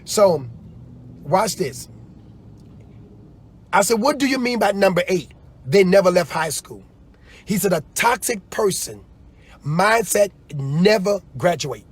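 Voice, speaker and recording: A man preaching in a loose, animated way on a livestream, often acting out quoted voices. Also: high voice, takes it slowly, pauses often, husky. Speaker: apostle.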